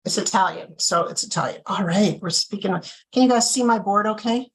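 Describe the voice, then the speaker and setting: Over a low-quality video call recording, a woman hosts a casual live wine and cheese tasting, speaking a little fast in a mid-range voice. Chatty throughout, she tags nearly every point with "okay?"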